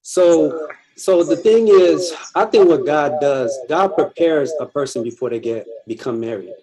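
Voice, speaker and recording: A married man on a couples panel, his voice set a little high for a man. He answers in a thoughtful, measured way. Crowd noise is heard behind him. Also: poor audio. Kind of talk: casual panel discussion.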